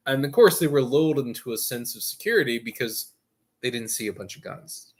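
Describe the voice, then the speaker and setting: A man's voice: medium pitch, expressive, brisk, breathy edge. A man hosting a gaming stream, telling a long story in casual chat with jokey asides and frequent laughs. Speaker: stream host.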